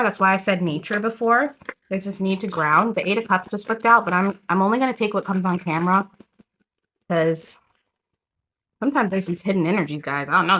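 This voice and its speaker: A woman with a bright, clear voice talks casually to camera through a tarot spread. Her delivery is loose and rambling, and she keeps turning to her viewers as a group. She sits close to the camera mic. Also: medium pitch, slight background noise. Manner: chatty, rambling, addresses viewers as "you guys". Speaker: tarot reader.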